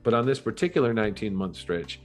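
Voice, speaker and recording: A middle-aged man with a low voice tells his story candidly, earnest and reflective. He often halts and restarts his sentences. Faint music plays underneath. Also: animated, fast. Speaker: podcast guest.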